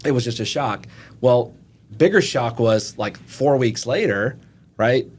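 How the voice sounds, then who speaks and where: A middle-aged man from Eastern Kentucky, an FBI agent guesting on a podcast, telling stories in an animated way and acting out what people said. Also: mid-range voice, unhurried, slightly rough. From Eastern Kentucky, USA. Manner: animated storyteller, acts out quotes. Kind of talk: casual interview storytelling.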